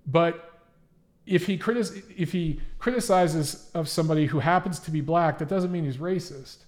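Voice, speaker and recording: A man's voice: fairly high pitch, moderate pace, a little mellow. Chatty man hosting a livestream. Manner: emphatic, conversational, frequent restarts. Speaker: livestream host and boxing writer. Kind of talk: casual livestream chat reading viewer comments.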